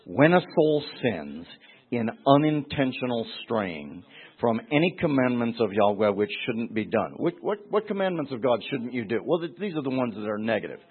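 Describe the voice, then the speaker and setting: A man's voice: medium pitch, big pitch swings, moderate pace, husky. A man teaching verse by verse through a Bible passage, emphatic, repeating words and acting out the voices he quotes. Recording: tinny phone-like recording.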